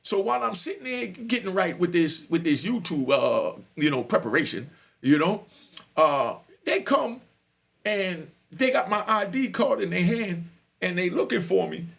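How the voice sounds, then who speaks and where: A middle-aged man telling a story in casual, animated speech, often asking listeners if they follow. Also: high voice, moderate pace, gravelly. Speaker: storyteller and channel host.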